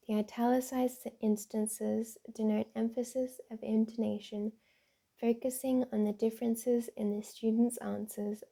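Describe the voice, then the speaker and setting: A woman doing a soft-spoken ASMR reading, carefully reading word puzzles and tongue twisters aloud, repeating the tricky lines. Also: fairly high pitch, vocal fry. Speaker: ASMR creator.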